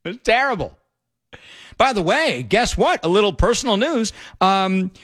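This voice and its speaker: Middle-aged guy hosting talk radio, kinda high voice, sarcastic and rambly. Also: fairly bright tone. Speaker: radio talk show host. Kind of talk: opinionated talk radio banter.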